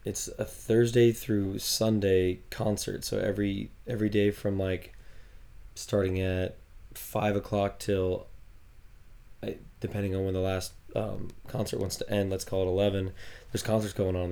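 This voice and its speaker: A man co-hosting a casual podcast chat, hoarse from losing his voice, talking in a laid-back, rambling way. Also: sits low, flat delivery, moderate pace, dark tone. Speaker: podcast co-host.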